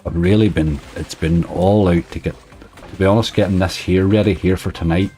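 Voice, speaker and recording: Male streamer, deep and relaxed, chatty, faint game music behind. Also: fairly quick. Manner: chatty, reading out viewer chat. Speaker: slots livestreamer. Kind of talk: casual live-stream chat. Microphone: desk microphone.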